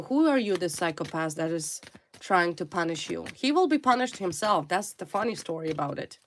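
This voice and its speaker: Emphatic woman giving a tarot reading. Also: mid-range voice. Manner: emphatic and repetitive, hammering single words. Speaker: tarot reader. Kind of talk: direct-to-viewer tarot reading.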